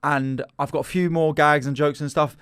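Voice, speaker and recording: This comedian guest has a clean, fairly high voice and a moderate pace, recorded in a clean studio without echo. Chatting casually, he tells an animated tale about a comedy gig and does the voices of everyone in it.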